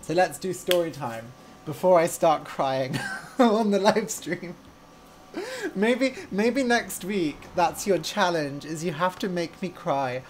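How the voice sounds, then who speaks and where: Slow, gushing man streaming live. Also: high-pitched, a little hiss or hum. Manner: chatty, gushing and playful, laughs easily. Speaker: English teacher and podcast host. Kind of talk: casual live-stream chat with learners.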